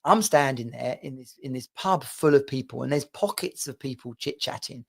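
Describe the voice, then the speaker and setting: Chatty middle-aged man with gravelly voice. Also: medium pitch, normal speed, a bit bright. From England. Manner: chatty and rambling, with frequent asides and restarts. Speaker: vlogger. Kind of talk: casual personal monologue to camera.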